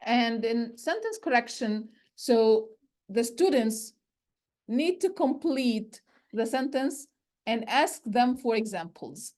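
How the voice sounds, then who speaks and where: A woman with a somewhat high voice gives a teacher-training lecture. She lays out each point in order, often starting with "so". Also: expressive, takes it slowly, a little mellow. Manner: explains step by step, often starting with "so".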